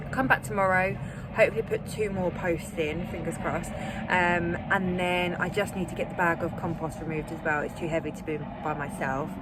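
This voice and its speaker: A young woman chatting casually to camera while working on her allotment plot, self-deprecating and full of ums. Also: fairly low pitch. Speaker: allotment vlogger. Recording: outdoor camera audio with noise.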